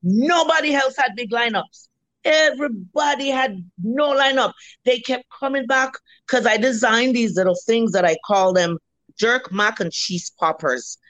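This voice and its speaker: In a laid-back interview, a Jamaican woman in her fifties who cooks at a restaurant acts out her customers in lively anecdotes, cursing without hesitation. She speaks a bit high at a measured pace; there's no room sound and the highs are cut off.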